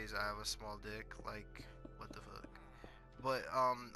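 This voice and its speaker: A teenage boy telling crude stories in casual, rambling talk full of fillers and swearing, over faint music. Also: on the low side. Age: teens. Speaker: storyteller.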